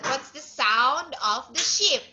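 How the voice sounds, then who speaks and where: A woman teaching a small child in a high, lively, sing-song voice. She talks very slowly, with exaggerated coaxing phrasing. Her tone is sharp and bright. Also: a little hiss or hum. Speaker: English teacher for a young child. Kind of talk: online kids' English lesson.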